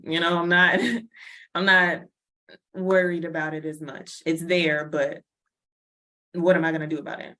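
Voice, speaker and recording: A woman's voice: fairly low pitch, flat delivery, unhurried, pauses often, bright, forceful tone. A woman presenting a wellness workshop in a chatty, casual way, laughing often and acting out little everyday scenes. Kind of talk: casual lecture.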